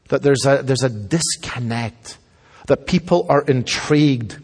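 A man's voice: medium pitch, unhurried, a little mellow. A man preaching a sermon as pastor, emphatic and repeating his key lines for stress. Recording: long hall reverb.

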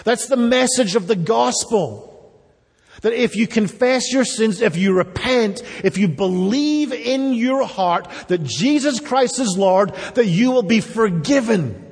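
A man's voice: sits high, lively intonation, a little slow, vocal fry, a little mellow, slightly rough. A man preaching a sermon, earnest and emphatic, turning at times to speak directly to the children. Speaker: pastor. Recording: long reverb of a church hall.

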